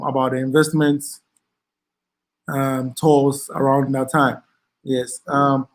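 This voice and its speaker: A man with a Ghanaian accent hosts a relaxed live chat, working through viewer comments and thanking people one by one. His voice sits a little higher than most men's, and he often pauses on ums and repeats himself. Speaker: livestream host reading viewer chat.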